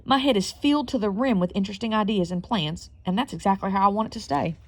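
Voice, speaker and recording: A woman's voice: mid-range voice, quick pace, a little hiss or hum. A woman reading a children's novel aloud, telling it with expression and the odd self-correction. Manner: expressive storytelling, slight slips and self-corrections. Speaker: reader.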